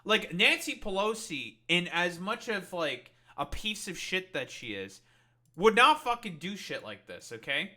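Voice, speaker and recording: A man's voice: sits high, sharp tone. A man streaming, ranting with profanity and exasperation while reading political news aloud. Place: home streaming setup.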